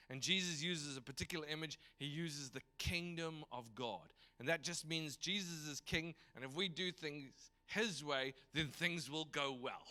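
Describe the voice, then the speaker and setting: A man teaching in a sermon style, emphatic and animated, slipping into voices for the figures he quotes. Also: a little high, unhurried, few pauses. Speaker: pastor. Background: speaking from home.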